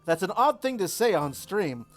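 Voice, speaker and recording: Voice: medium pitch, big pitch swings, normal speed, faint music behind. A streamer hosting an online board game night, cheerful and playful as they welcome and chat with players. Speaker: streamer and host.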